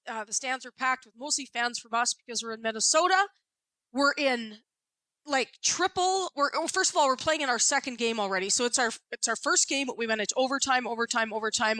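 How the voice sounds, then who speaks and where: A woman hosting a podcast interview, retelling a bench story as an animated storyteller. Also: on the high side, no room sound. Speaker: podcast host and coach. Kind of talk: conversational interview.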